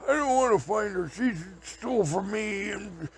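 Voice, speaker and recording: A frantic, screaming scruffy man, played by a male storyteller, jumps up high in pitch as he hollers about his troubles. His voice sits well above the storyteller's own and sounds a little distant. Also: expressive, normal speed, vocal fry, slight background noise. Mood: agitated. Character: agitated scruffy adult man yelling at a library desk.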